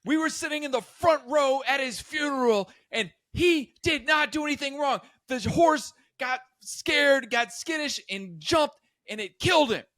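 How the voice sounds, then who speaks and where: A man doing a furious shrill woman coworker. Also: animated, measured pace, hardly any pauses, no room sound, heavily acted. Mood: indignant. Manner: shouting, indignant.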